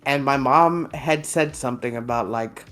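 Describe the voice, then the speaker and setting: A man's voice: medium pitch, moderate pace, a bit bright. Laughing, cussing young guy podcaster. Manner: laughs often, swears, rambling. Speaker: podcast co-host. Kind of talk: casual chat.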